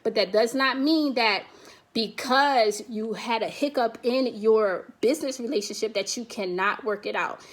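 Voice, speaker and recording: On a video call, an American woman with a fairly high voice speaks at a normal speed as a guest speaker at a virtual summit. She is emphatic and rallying, repeating "we have to" through a motivational talk before moving on to answer questions.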